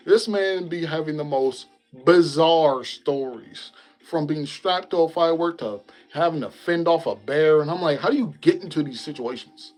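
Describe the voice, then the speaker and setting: A man hosting a casual chat, relaxed and rambling, often breaking into laughter. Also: a little high, normal speed, few pauses, faint music behind, poor audio. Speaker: host.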